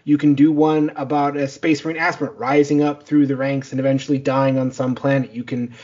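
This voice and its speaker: A man co-hosting a podcast, pitching ideas in quick, enthusiastic run-on sentences. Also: level tone, darkish tone, dull audio. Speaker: podcast co-host. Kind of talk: casual chat.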